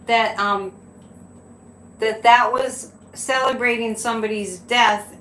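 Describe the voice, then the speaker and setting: A woman hosts a psychic livestream, chatting casually with frequent laughs and incredulous asides. Her voice is on the high side, a bit bright and unhurried, in an echoey room with faint ambience and slight background noise.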